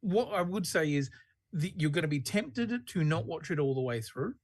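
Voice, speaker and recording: A woman in casual podcast chat who stresses her points and swears for emphasis. Her pitch swings a lot, and her voice sounds a bit husky. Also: expressive, moderate pace, a little mellow. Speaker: podcast co-host.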